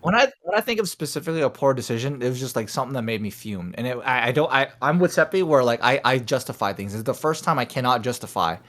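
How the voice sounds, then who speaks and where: A man co-hosting a casual podcast, telling a story that moves from low mumbling to loud, animated outbursts. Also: fast talker, few pauses. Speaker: podcast co-host. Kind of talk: casual chat.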